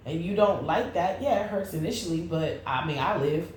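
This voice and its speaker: A woman's voice: on the low side, normal speed, a little mellow. A woman doing a casual tarot reading, blunt and profane, breaking into sing-song asides. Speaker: tarot reader. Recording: echoey room with faint noise.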